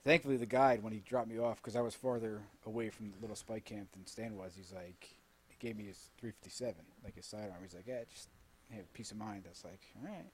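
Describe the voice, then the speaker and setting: Laughing, animated male storyteller. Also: fairly low pitch, fast talker, husky. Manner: animated, laughing, swears freely. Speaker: podcast guest. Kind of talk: casual storytelling. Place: studio.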